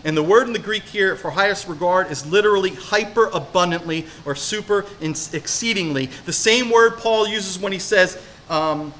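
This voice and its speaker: A man from New Jersey preaching a sermon as pastor, telling animated stories and putting questions to the congregation. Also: high voice, moderate pace.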